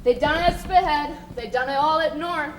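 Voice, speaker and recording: A woman's voice: high-pitched, a little fast, close to an everyday voice. A woman playing a bitter, rebellious male sailor with coarse, crude talk in a live stage play. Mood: conspiratorial. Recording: stage recording with faint noise.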